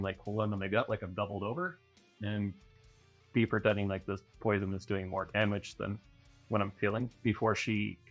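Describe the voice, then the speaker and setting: A man playing a tabletop game, deliberately explaining his character's actions. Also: fairly low pitch. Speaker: player. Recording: dull lo-fi sound.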